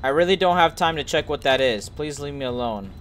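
A young man streaming a horror game, joking and swearing to his chat as he plays, and shouting when something startles him. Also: on the high side, brisk, soft background music. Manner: joking, profane, talks to himself. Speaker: gaming streamer. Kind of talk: let's play commentary to chat.

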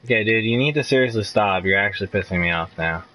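A man's voice: lowish voice, quick pace, pushed and bright, poor audio. A young man live streaming a video game, chatting casually and swearing as he gets frustrated. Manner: frustrated, swearing, laughing outbursts. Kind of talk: casual gameplay commentary.

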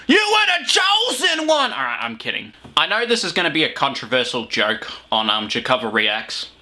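A man's voice: medium pitch, pushed and bright. A teenage Australian man rambling through a crude, swearing reaction commentary at home. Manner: rambling, swearing, frequent fillers. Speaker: reaction video host. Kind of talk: profane comic reaction commentary. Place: small room at home with a heater running.

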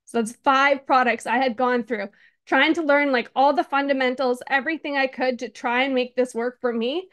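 A woman's voice: sits high, steady tone, moderate pace, fairly bright tone. A young-sounding woman on a video call, giving an earnest, emotional testimonial about an online course. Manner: earnest, emotional, close to tears. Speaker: course contributor. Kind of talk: webinar testimonial.

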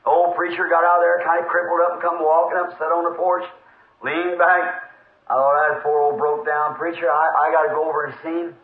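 Brief: fervent Southern preacher, man, high voice, echoey lo-fi church tape. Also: fairly quick. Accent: Southern American. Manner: fervent, excitable, shouting praise. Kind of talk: storytelling revival sermon.

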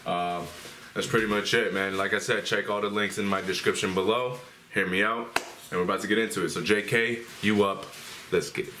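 Blunt American man reacting, deep voice. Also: fairly even intonation, brisk, noisy background. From United States. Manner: blunt, talks straight to viewers. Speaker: reaction video host. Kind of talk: casual reaction commentary.

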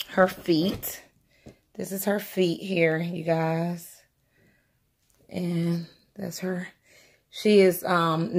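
A woman's voice: on the low side, slight background noise. A woman chatting casually to her viewers while unboxing a doll at home. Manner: chatty, addresses viewers as y'all. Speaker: doll collector vlogger. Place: indoors at home, by a window.

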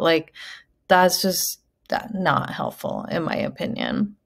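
A woman's voice: deep voice, unhurried. A woman veterinarian hosting her own channel, talking casually to camera with lots of fillers and asides. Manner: chatty, many fillers and asides.

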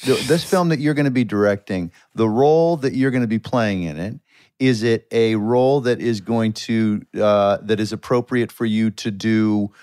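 A man's voice: on the low side, moderate pace, darkish tone, smooth, no echo, studio quality. A man co-hosting a casual podcast, joking and teasing his guests. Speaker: podcast co-host.

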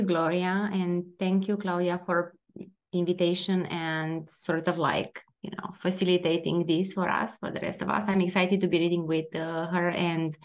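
A woman from Romania with a Romanian accent and a nasal voice, reading her poems and chatting hesitantly between them. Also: lowish voice. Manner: hesitant with many fillers when speaking off the page. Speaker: poet reading her work. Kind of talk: poetry reading.

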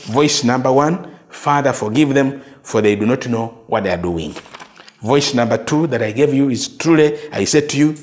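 A male preacher delivers a sermon at a measured, emphatic pace. His voice sits at an ordinary middle pitch, and he leans on repetition, pausing to drop softly into quoted lines.

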